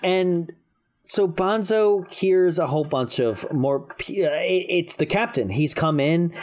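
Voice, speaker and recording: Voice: mid-range voice, animated, unhurried, a little mellow. A podcast co-host recapping a film in casual comedic chat, laughing often and restarting sentences.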